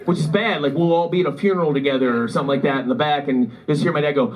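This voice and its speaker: Speaking very fast with few pauses in a fairly high voice, a Midwestern American comic rattles off rambling, self-deprecating stories to a live comedy club audience. The rough live club recording carries slight background noise and audience laughter.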